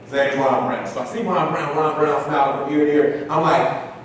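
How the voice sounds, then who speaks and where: A man with a rather high voice gives a talk in a large hall at normal speed, telling a personal story and animatedly acting out the voices of the people in it. The recording is echoey and distant, with a little hiss or hum.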